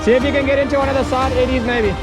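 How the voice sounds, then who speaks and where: High-pitched dad chatting outside, keeps saying eh, music under it. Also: male voice, little pitch movement, rapid-fire. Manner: chatty, ends lines with a tag "eh?". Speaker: family vlogger, father. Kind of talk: casual chat on an outdoor trip. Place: outdoors on a river.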